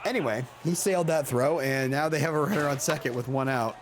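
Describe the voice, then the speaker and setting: A man in his thirties doing casual play-by-play of a baseball video game, chatty and joking, with excited outbursts. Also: on the high side, a little fast, background noise. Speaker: play-by-play commentator.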